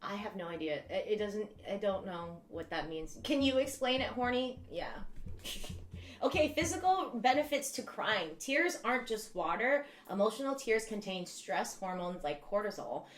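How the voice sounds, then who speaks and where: A woman's voice: medium pitch, sing-song, normal speed, hardly any pauses, roomy sound. A woman in her thirties hosting a casual livestream chat. She rambles, swears freely and laughs often. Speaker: livestream host.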